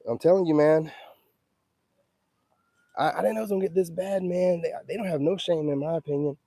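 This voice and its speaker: A man's voice: on the high side, fairly quick, creaky, mellow, dry recording. A man chatting casually on a livestream, loose and emphatic, who keeps asking whether the listener follows him. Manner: loose, emphatic, keeps asking "you know what I'm saying". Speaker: livestream host.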